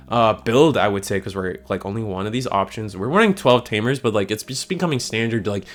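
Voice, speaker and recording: A man casually commenting on tournament deck lists, rambling and excitable, with frequent restarts and tags like "man". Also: mid-range voice. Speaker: card game content creator.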